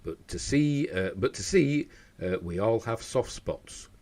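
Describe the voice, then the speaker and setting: A man's voice: on the low side, expressive, measured pace, a little mellow. A man hosting a casual news show at home, reading out stories and rambling off into chatty asides, often tripping over his words.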